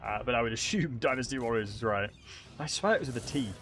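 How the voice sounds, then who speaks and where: A man's voice: medium pitch, fast, a bit bright, soft background music. A man, streaming a strategy game and chatting to viewers in a rambling way, full of fillers and restarts. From England. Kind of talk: casual gameplay commentary.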